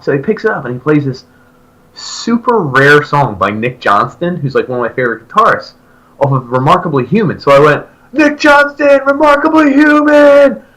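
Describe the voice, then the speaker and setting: A man in his thirties, a podcast co-host, telling a long story in casual chat and acting out his own excited remarks. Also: mid-range voice, brisk, rough recording. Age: 30s. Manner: animated, jumps into loud excited quoted voices.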